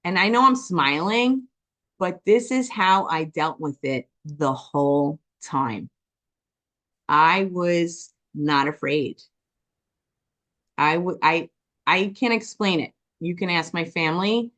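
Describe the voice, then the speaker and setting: A woman giving a personal testimony, talking quickly and passionately, often checking in with "okay?" and acting out voices as she tells her story. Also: fairly low pitch. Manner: animated storytelling with quoted dialogue. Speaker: business testimony speaker.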